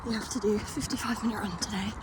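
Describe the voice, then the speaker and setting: A young woman talks into her phone mid-run, upbeat and informal, slightly breathless between phrases. Her pitch sits in an ordinary middle range. Steady outdoor noise is clearly audible behind her voice. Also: very fast. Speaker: vlogger. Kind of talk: casual running vlog. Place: outdoors on runs. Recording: noisy outdoor phone recording.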